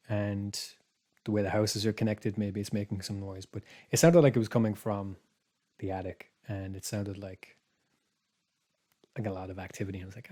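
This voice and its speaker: A man casually telling a spooky story on a podcast, rambling with restarts and dropping to a hush for his own thoughts. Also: lowish voice, flat delivery, fairly quick. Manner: rambling, restarts, quiet asides when recalling his thoughts. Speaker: podcast co-host.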